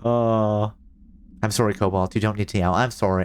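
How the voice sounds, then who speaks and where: A man's voice: lowish voice, fairly even intonation, normal speed, a little hiss or hum. A man streaming a video game, joking around and reading in-game documents aloud. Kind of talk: casual gameplay commentary.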